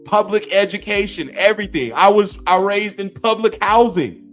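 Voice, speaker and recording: A man's voice: high-pitched, moderate pace, a bit bright, soft background music. A man in his fifties, a gaming YouTuber, ranting to camera with profanity and scornful laughter. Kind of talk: heated rant to camera.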